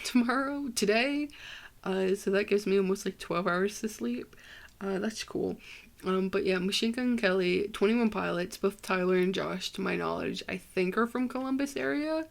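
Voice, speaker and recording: A woman's voice: mid-range voice, gravelly. A young woman from Ohio hosting a casual solo podcast, sleepy and tired, rambling in a self-deprecating way with many fillers. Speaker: podcast host.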